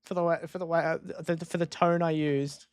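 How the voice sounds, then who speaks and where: A man's voice: fairly high pitch, flat delivery, fairly quick, clean tone, dry recording. A man streaming a live race watchalong from a home desk microphone, chatting casually and repeating himself as he reacts to each moment.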